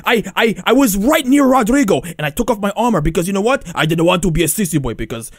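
A man voicing an exasperated male Renaissance assassin in a loud, whiny parody rant over gameplay. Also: high-pitched, expressive, quick pace, dry recording, studio quality.

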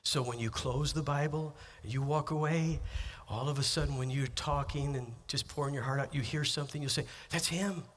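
Bright-voiced emphatic man preaching. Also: mid-range voice, steady tone, normal speed, slight background noise. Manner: emphatic preaching with rising and dropping delivery. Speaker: pastor. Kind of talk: sermon.

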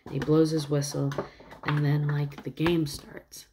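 A woman's voice: deep voice, flat delivery, moderate pace, creaky, noisy background. A woman casually retelling a movie plot in a rambling way, with many fillers. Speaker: vlogger.

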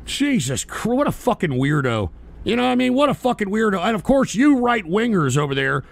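A man hosting a livestream, ranting and swearing, with sudden yelling outbursts. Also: sits high, sing-song, fairly quick, creaky. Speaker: livestream host.

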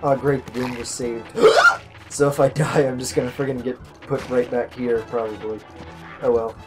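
A man talks through his own video game run in loose, casual commentary, cursing and grumbling whenever enemies give him trouble. His voice sits at an ordinary middle pitch. Game music plays clearly underneath him. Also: level tone, normal speed. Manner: grumbling, swears a lot at enemies. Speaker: gameplay commentator. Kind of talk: casual let's-play commentary.

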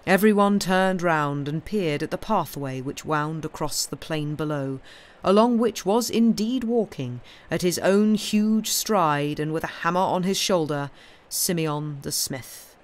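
A woman reading a classic detective story aloud in a steady storytelling voice. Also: deep voice, a little slow. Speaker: reader.

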